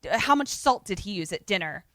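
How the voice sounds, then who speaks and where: A man's voice: high-pitched, lively intonation, brisk, bright, forceful tone, dry recording, studio quality. A woman voicing a squeamish, nervous male paranormal agent who talks in a skittish, prissy way. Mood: fussy.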